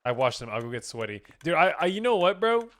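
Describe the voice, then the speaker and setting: Young male streamer, rambling and profane, crisp bright tone, keyboard clicks behind. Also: a little high, sing-song, fast talker. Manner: profane, rambling, reading chat aloud. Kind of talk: casual livestream chat.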